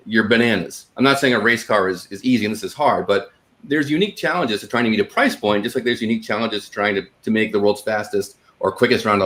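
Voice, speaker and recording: A man's voice: fairly low pitch, fairly bright tone. A man co-hosting a casual podcast about hobby cars, rambling and correcting himself as he goes. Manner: talks fast, with restarts and asides. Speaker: podcast co-host. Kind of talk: casual chat.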